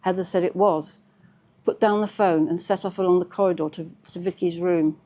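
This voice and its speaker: A woman author reading aloud from her own novel in a measured, steady storytelling manner. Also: lowish voice.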